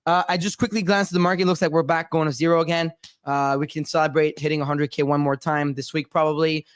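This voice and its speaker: A man from Canada hosts a casual crypto chat over a video call. His voice sits a little high and the sound is close and dry. He talks loosely, jokes constantly and swears freely. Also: little pitch movement, fast talker, smooth, no room sound. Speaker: podcast host.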